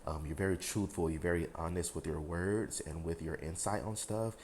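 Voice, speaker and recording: A man's voice: sits low, steady tone, moderate pace, a little mellow, a little hiss or hum. A man giving a casual tarot reading to his viewers, rambling with lots of fillers and talking frankly, with a bit of swearing. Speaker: tarot reader.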